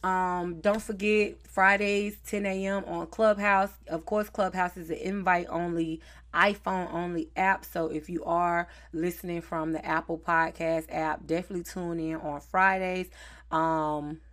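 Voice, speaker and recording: A woman's voice: lowish voice, flat delivery, unhurried, fairly bright tone. Chatty Southern woman podcast host. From North Carolina, US. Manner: chatty, easygoing, slangy. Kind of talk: casual podcast chat.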